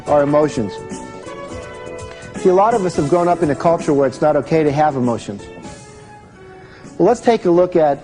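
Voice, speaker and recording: A man's voice: fairly high pitch, mellow, rough recording. A man giving a live self-help seminar, explaining step by step and putting questions to his audience.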